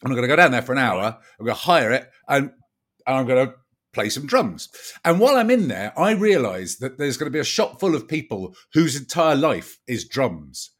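A man's voice: mid-range voice, sing-song, moderate pace. A man, a podcast guest, chatting casually and rambling with self-deprecating stumbles and repeated words. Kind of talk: casual comic chat.

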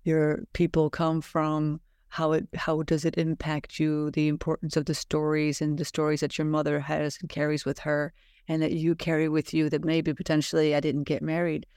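A woman's voice: sits low, monotone, normal speed, a little mellow, smooth, no echo. Earnest middle-aged woman host, dry close sound. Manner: earnest, emphatic, spiritual encouragement. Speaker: podcast host. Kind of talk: heartfelt conversation.

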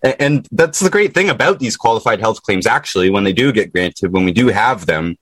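Lively low-voiced man hosting a podcast. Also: breathy edge, no echo. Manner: animated, laughs often, quick bursts. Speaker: podcast host. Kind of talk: casual interview chat.

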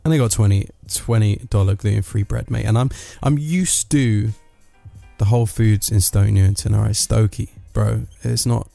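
Guy in his 30s doing a sardonic rambling rant, lowish voice, bit of fry, faint music under it. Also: fairly even intonation, moderate pace, dark tone, no echo. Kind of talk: comic monologue.

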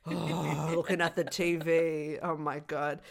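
Woman, podcast co-host, excitable, sweary, does impressions. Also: deep voice, slow, creaky. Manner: excitable, swears freely, mimics people. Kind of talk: casual chat.

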